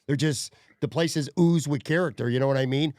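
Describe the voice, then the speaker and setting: A man hosting a podcast, talking in a relaxed, easygoing way and reading listener comments aloud in casual chat. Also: fairly high pitch, a little fast, dry recording, clean studio sound. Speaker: podcast host.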